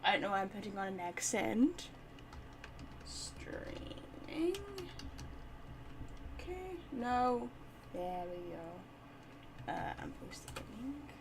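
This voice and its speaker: A woman's voice: a little high, sing-song, moderate pace, few pauses, background noise. A woman chatting casually as she sets up and opens a live game stream, thinking aloud as she goes.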